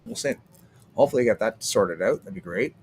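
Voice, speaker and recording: A man's voice: on the low side, lively intonation, fairly quick, a little mellow, faint music behind. A young man from Canada rambling casually on a livestream, swearing often and restarting his sentences. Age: young adult. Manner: rambling, profane, trails off and restarts. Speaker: streamer.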